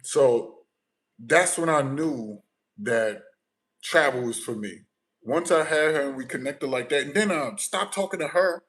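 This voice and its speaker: A man from the United States hosting a casual livestream, telling travel stories in a lively way that swings between quiet, low asides and loud bursts. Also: measured pace, low-quality recording. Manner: animated storytelling, shifts often from low mumbles to loud bursts. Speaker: livestream host.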